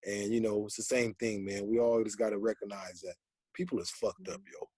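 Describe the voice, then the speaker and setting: A man's voice: fairly low pitch, flat delivery, fairly quick, warm tone, slightly rough, dry recording. A man co-hosting a radio talk show, laid-back and using street slang. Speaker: radio co-host. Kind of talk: casual radio banter. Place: radio studio.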